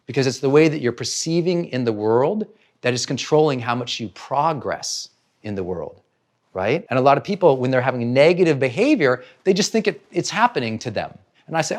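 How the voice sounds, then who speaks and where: A man's voice: medium pitch, sing-song, a little fast. A middle-aged man, a personal growth trainer, giving a motivational talk, full of rhetorical questions and acted-out inner voices.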